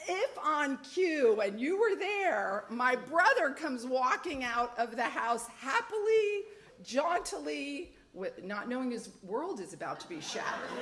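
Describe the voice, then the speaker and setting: A woman's voice: high-pitched, reverberant. A middle-aged woman from the United States telling a playful story on stage to a live audience. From United States, Dutch-born mother. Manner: animated, playful.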